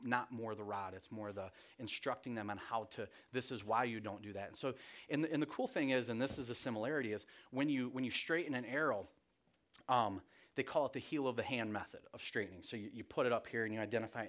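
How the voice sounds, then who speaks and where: A man speaks briskly at a medium pitch, delivering an easygoing sermon full of family stories. He often restarts and slips in jokes at his own expense.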